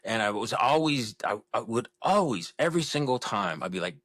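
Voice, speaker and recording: A man in his fifties with a deep, low-pitched voice, recorded close and dry with almost no room sound. He talks candidly as a podcast guest, frank and self-deprecating, often restarting his sentences. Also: lively intonation, moderate pace, few pauses, fairly bright tone, no echo. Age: 50s. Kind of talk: candid interview conversation.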